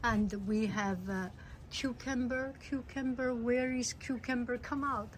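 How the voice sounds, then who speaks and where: Lady vlogging out in her garden, slow, gasps a lot, a bit high, faint noise behind. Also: fairly even intonation, poor audio. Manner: gasping and delighted, repeats herself. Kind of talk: casual garden vlog. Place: home garden, outdoors.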